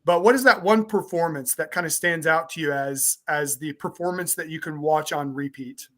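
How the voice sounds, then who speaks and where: A man's voice: a little high, normal speed. A man from Southern Illinois hosting an interview over a video call, asking long, rambling questions. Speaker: host.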